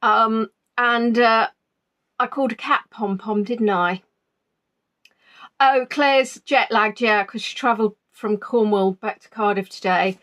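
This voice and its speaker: An Englishwoman with a somewhat high voice chats away cheerfully from a spare room at home, greeting viewers one by one. Her talk is loose and jolly, full of little ums, as on a home live stream. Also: unhurried, fairly bright tone. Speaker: online tour guide. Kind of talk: casual pre-tour chat on a live stream.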